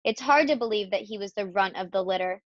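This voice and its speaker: A woman's voice: medium pitch, quick pace, dry recording, highs cut off, lightly acted. A woman voicing a hearty middle-aged farmer in a storybook.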